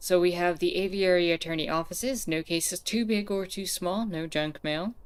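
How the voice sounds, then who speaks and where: A woman's voice: fairly low pitch, steady tone, normal speed, smooth. A woman streamer giving casual, playful commentary while playing a game, chatting with viewers and laughing often.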